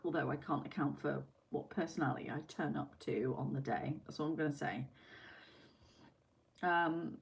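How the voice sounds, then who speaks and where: A woman's voice: low-pitched, moderate pace, vocal fry, slight background noise, poor audio. A woman hosting a casual livestream, chatting and reading out viewer comments, swearing now and then. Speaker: livestream host. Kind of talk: casual live-stream chat.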